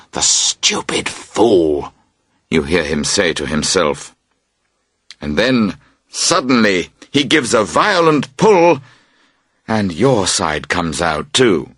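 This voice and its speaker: Man, storybook narration, slow, husky, lively pitch, dry close sound. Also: no room sound. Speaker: audiobook narrator. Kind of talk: scripted narration of a graded reader.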